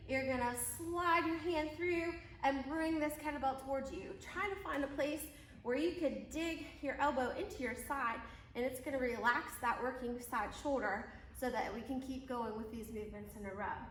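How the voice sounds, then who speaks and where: Female fitness coach, clear step-by-step cues while moving, echoey room. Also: high voice, moderate pace, fairly bright tone, slight background noise. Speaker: fitness trainer. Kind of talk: workout demonstration instructions. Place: gym. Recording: echoey gym, mic at a distance.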